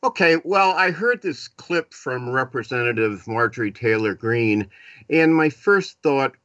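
A man's voice: mid-range voice, expressive, a little slow, a bit bright, no echo, muffled recording. A man with a Boston accent hosting a live political talk radio show, chatty and self-deprecating, with frequent "uh" fillers.

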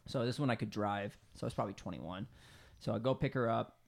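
A young man hosting a podcast, telling a story in a loose, relaxed way with lots of fillers. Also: lowish voice, quick pace, creaky. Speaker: podcast host. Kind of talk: casual chat.

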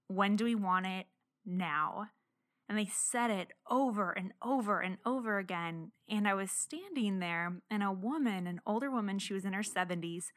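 A woman's voice: mid-range voice, no room sound, clean studio sound. A young woman hosting an interview show, earnestly questioning and thanking her guest. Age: young adult. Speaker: show host. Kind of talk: interview talk.

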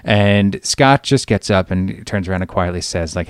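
Wry, exasperated low-voiced man. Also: moderate pace, no room sound, studio quality. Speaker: podcast host. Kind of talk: casual chat.

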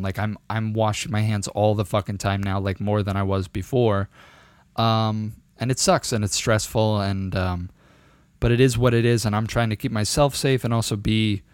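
A young man on a casual podcast, rambling through a story with lots of swearing and quoted dialogue. His voice is smooth and resonant, and the sound is dry and close, with no room around it. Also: on the low side, no echo. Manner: rambling, profane, animated storyteller. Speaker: podcast co-host.

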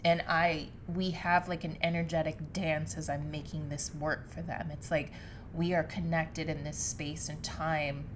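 Low-voiced woman musing on her podcast. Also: slight background noise. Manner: reflective, earnest, with frequent fillers and restarts. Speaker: podcast host. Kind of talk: solo podcast monologue. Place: home living room, seated on the floor. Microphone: podcast microphone.

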